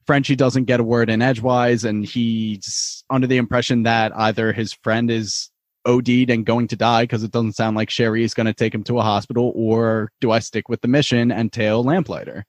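A man's voice: medium pitch, fairly even intonation, normal speed, dry recording. A man co-hosting a podcast who retells a TV episode's plot step by step in earnest casual chat. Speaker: podcast co-host.

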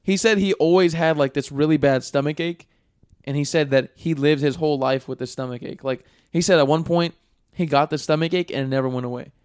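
A man's voice: on the high side, steady tone, fairly quick, a little mellow, smooth, dry recording, studio quality. A man in casual chat with friends, rambling with many "like" fillers.

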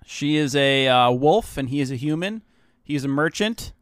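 A man's voice: on the high side, animated, moderate pace, no room sound, clean studio sound. A man co-hosting a podcast in casual chat, rambling, swearing freely and laughing easily. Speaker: podcast co-host.

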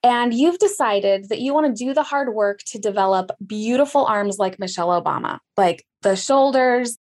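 A woman's voice: a little high, normal speed, darkish tone. A woman telling her story in a casual podcast conversation, with sudden jumps up in her voice for emphasis.

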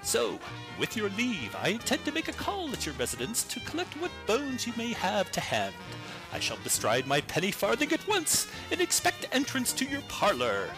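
A man's voice: sits high, huge pitch swings, normal speed, over music, exaggerated voice, rough recording. A man voicing a pompous turn-of-the-century patent-medicine magnate in a florid, grandiose old-timey manner. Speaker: listener sending in a bit.

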